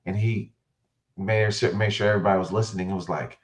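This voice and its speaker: Low-voiced man telling coaching stories. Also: fast. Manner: animated storyteller who acts out quotes, many fillers and restarts. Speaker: co-head football coach, podcast guest. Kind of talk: interview storytelling.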